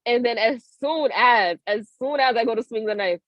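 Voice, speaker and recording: A woman's voice: on the high side, normal speed, dry recording. A woman guest on a podcast, telling a story casually with slang and acting out the voices of people in it. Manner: acts out quoted voices with big swings in tone. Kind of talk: animated storytelling in casual chat. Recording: dry, dull lo-fi audio.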